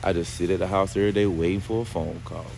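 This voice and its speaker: A man vlogging casually to his viewers at a car service shop, drawling and tacking "man" onto nearly every phrase, dropping to low mutters and rising to excited high exclaims. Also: fast, gravelly, slight background noise. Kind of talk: casual vlog talk to viewers. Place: car dealership service area, then in a car.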